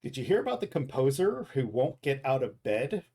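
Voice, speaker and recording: Here a man's warm, mid-range voice swings widely in pitch at a moderate pace. He's casually chatting on a game stream, reading out dad jokes, correcting himself often, and laughing at his own gags.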